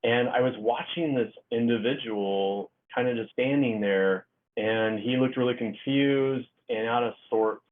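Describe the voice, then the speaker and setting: A middle-aged man, a guest author, telling a story in a halting way with many fillers and restarts. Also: mid-range voice, a little hiss or hum. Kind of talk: casual storytelling interview. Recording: tinny phone-like line.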